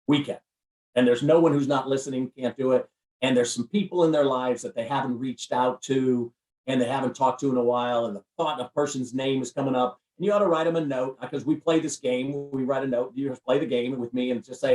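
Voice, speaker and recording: A man speaking as a podcast guest, giving an energetic, emphatic motivational talk with lots of repetition. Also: medium pitch, brisk, recorded from a distance. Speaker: guest, recruiting firm CEO and speaker. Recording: roomy, off-mic sound.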